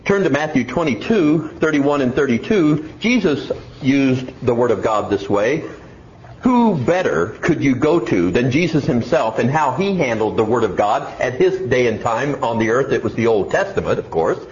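A man's voice: mid-range voice, sing-song, normal speed. A man preaching a sermon, putting mock questions to himself and answering them. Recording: echoey, dull lo-fi room recording.

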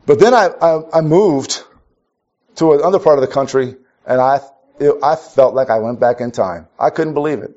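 Speaking at normal speed with a medium pitch and a darkish tone, a Minnesota man delivers a conversational sermon. His storytelling is wry, and he restarts sentences often; the audio is dull and lo-fi.

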